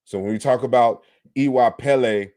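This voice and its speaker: A man's voice: medium pitch, normal speed, a little mellow, dry recording, studio quality. A man giving an online lecture on word comparisons, explaining patiently and turning combative toward critics. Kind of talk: online lecture on historical linguistics.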